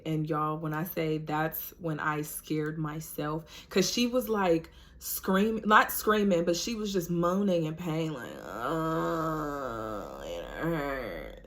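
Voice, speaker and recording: A woman's voice: fairly low pitch, fairly bright tone. A woman vlogger telling a personal story to camera in a chatty, casual way, full of "like" and "you know," talking straight to her viewers.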